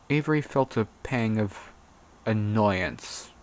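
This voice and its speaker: Man, audiobook narrator, lowish voice, steady reading, fan chapter reading. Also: moderate pace.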